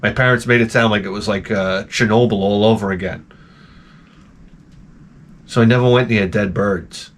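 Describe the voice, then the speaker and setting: A man's voice: fairly low pitch, fairly even intonation, normal speed, long pauses. Profane rambling male storyteller. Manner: profane, rambling storyteller who acts out his own reactions. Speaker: channel host. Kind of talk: rambling casual monologue.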